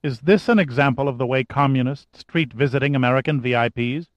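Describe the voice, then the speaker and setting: A man's voice: medium pitch, lively intonation, a little fast, no room sound, muffled recording, natural voice. A man voicing a defiant captive woman. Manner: defiant, contemptuous. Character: defiant woman congresswoman held prisoner.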